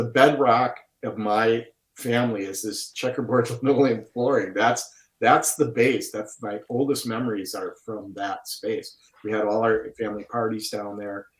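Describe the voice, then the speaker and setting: A man with a Wisconsin accent talking reflectively and at length in a casual conversation, with drawn-out vowels. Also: on the low side. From Wisconsin, USA. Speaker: guest artist. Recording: roomy echo.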